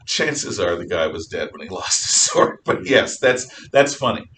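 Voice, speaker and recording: A man's voice: animated, a little slow, sharp tone. A male history teacher lecturing a class in a casual, jokey storytelling way with asides. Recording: echoey room from far off, faint rumble.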